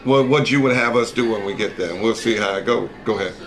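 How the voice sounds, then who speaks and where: Folksy middle-aged American dad. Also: male voice, lowish voice, quick pace. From United States. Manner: folksy storyteller, calls people "brother". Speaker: co-host, the dad. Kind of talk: casual reaction chat.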